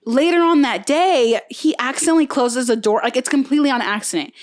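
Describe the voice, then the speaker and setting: Animated young woman retelling gossip. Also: high-pitched, fairly quick. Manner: animated storyteller, acts out quotes, frequent "like". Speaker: podcast co-host. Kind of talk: casual chat, retelling a reality show.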